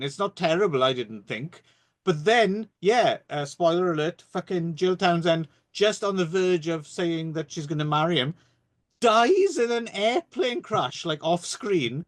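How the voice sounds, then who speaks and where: A man's voice: high voice, very animated, a little slow. A British man co-hosting a podcast, reviewing a film in casual, wry chat and swearing freely. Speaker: podcast co-host.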